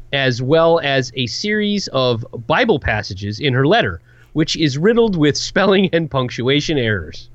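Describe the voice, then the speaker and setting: A man's voice: a little high, no room sound, muffled recording. A man co-hosting a casual podcast, reading a news story aloud with sarcastic asides. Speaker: podcast co-host.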